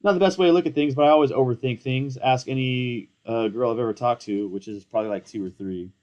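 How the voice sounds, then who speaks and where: A young man in casual commentary, excitable and rambling, slangy and self-mocking, hyped up on coffee. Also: medium pitch, fast talker, muffled recording. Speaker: fantasy football content creator.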